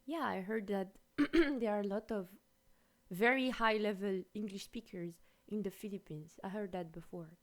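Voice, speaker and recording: A woman with a French accent, a native French speaker, chatting casually as a stream host, lively and quick to laugh, with many restarts. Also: mid-range voice. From France. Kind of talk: casual chat.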